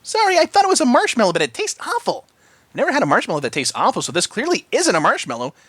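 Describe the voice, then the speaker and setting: A man voicing a tiny, hyperactive female pony in a storybook reading, with a squeaky, sing-song, bouncy delivery. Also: huge pitch swings, quick pace, a bit bright, breathy edge, no echo, exaggerated voice. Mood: indignant.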